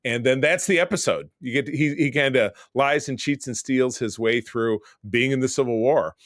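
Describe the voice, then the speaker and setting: A man's voice: medium pitch, normal speed, no room sound, studio quality. A man hosting a podcast, rambling through casual recaps of movies and shows. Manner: rambling, chatty show recaps. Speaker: podcast host. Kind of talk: casual chat.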